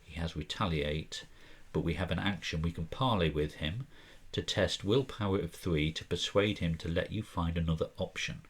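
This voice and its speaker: Very deep-voiced man reading game rules. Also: husky. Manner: reads game rules aloud in a measured way. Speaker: podcast co-host. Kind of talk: casual board game discussion.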